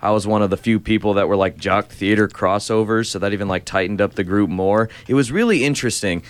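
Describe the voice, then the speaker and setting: A man's voice: fairly low pitch, fast talker, smooth. A young adult man co-hosting a college radio show, chatting eagerly and enthusiastically. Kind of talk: casual chat.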